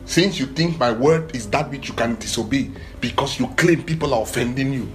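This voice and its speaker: A man preaching a sermon in an animated, emphatic way, with short phrases repeated for emphasis. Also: fairly quick, faint music behind. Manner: animated, emphatic preaching that swells in pitch and volume.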